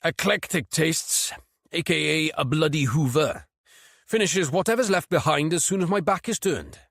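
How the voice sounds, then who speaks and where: A man's voice: fairly high pitch, animated, moderate pace, creaky, a bit bright, dry recording, clean studio sound, voice pushed up, heavily acted. Man voicing a jovial older sergeant. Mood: genial. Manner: genial, chatty. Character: older male detective sergeant, jovial and chatty.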